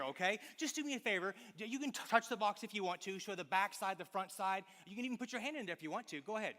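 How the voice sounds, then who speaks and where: A man's bright, forceful voice with a slightly raised pitch fills a large auditorium. He speaks as a magician on stage, teasing a volunteer and then settling into reflective personal storytelling. The sound carries a long hall reverb. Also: animated, fast, hardly any pauses. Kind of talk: live stage talk with magic.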